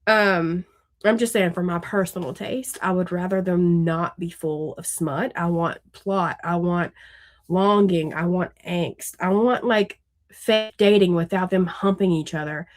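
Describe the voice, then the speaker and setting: This woman's voice sits on the low side, with fairly even intonation and a measured pace. An adult with young kids, she co-hosts a book podcast, chatting casually and candidly, rambling, laughing often and swearing freely.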